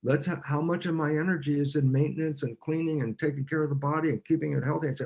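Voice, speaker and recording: An older man's husky voice, pitched a touch high for a man, talking through an idea in an interview. He keeps acting out imagined exchanges, questioning himself and answering, with light laughs scattered through. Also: steady tone, quick pace, hardly any pauses, a little mellow. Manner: acts out dialogues with himself, laughing asides. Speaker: guest biologist. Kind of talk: animated explanatory interview talk.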